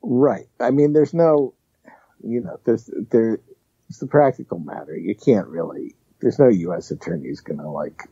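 A man co-hosts a political talk show in a very deep, husky, gravelly voice that swings in pitch. He speaks in a measured way and hedges with fillers. The sound is dry and dull, like a lo-fi remote feed. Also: expressive, dark tone, no room sound. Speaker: co-host, political correspondent.

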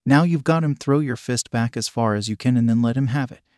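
A man's voice: mid-range voice, a little fast, a little mellow, dry recording, clean studio sound, close to an everyday voice. A man reading a fan story aloud, voicing an eager young male fighter who calls out commands and encouragement from inside a boy's head. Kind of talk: fan fiction read aloud.

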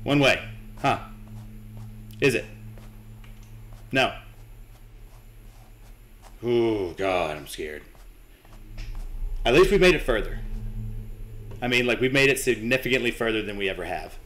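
A man's voice: mid-range voice, sing-song, slow pace, long pauses, fairly bright tone. A young man commentating his own horror game playthrough, nervous, swearing and talking to himself and to the game. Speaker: gaming channel host.

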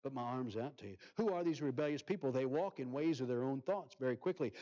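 A male pastor preaching a sermon, reading scripture aloud and swinging from loud emphasis to soft near-whispers. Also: mid-range voice, expressive, quick pace, lo-fi sound.

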